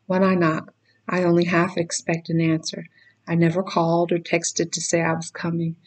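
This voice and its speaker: Woman reading a novel aloud, low voice, very even and flat, occasional self-corrections. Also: slightly rough, rough recording. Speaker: reader.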